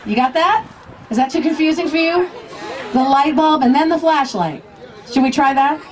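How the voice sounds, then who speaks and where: A woman's voice: high-pitched, normal speed. An American woman on stage with a microphone, playfully leading a crowd through a call-and-response song at a live concert. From United States. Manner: playful and teasing, coaxing the crowd. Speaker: children's singer performing live. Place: outdoor Christmas lights event, crowd. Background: backing music and crowd.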